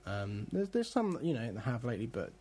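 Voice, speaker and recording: A man's voice: medium pitch, big pitch swings, fairly quick, dark tone. Guy cohosting a podcast, rambles a lot, lots of ums. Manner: rambling, many fillers and restarts. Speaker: podcast co-host. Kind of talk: casual podcast chat.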